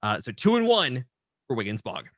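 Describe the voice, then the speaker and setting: A man co-hosting a casual game-stats show, reading results with animated, teasing banter. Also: medium pitch, normal speed, no room sound, studio quality. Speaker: co-host.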